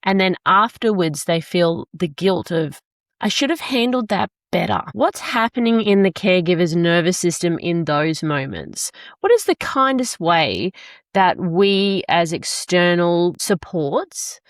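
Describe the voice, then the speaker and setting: Measured woman host, slightly low voice. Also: animated, no room sound, studio quality. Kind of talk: interview questions.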